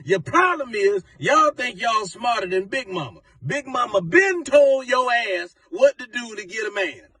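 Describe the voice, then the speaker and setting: A man doing a loud, scolding comedy rant to camera, preaching at his audience. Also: extremely high pitch, expressive, a little slow, hardly any pauses, no room sound, far from the mic, low-quality recording. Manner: preachy, loud, scolding, Southern Black vernacular.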